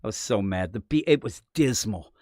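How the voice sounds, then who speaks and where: Animated American man telling stories. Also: moderate pace, no echo, clean studio sound. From United States. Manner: animated storyteller, breaks into high put-on voices. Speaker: podcast co-host. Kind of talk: casual live-stream chat.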